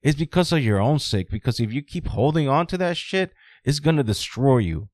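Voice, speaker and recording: A man hosting a solo podcast, ranting bluntly with heavy swearing, dropping low and quiet, then rising loud and high. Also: expressive, moderate pace, no echo. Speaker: podcast host.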